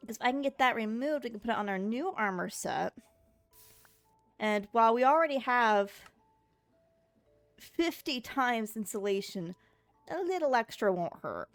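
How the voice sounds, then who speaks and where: A woman's voice: on the high side, animated, normal speed, pauses often, soft background music. Sleepy chatty woman streaming a game. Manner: chatty, rambling, talks to her chat. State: sleepy, just woke up. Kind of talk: casual game-stream chat.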